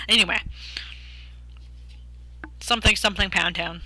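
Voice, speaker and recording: A woman's voice: medium pitch, fairly even intonation, normal speed, bright, forceful tone, no room sound. A young woman streamer, reading a game's story aloud and breaking off for jokey, chatty asides. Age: young adult.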